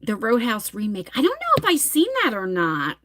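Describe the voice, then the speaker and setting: A woman's voice: fairly high pitch, wildly swooping pitch, moderate pace, a bit bright. A middle-aged woman from New Jersey with a New Jersey accent, chatting casually on a livestream, rambling and reading viewer comments aloud. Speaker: livestream host.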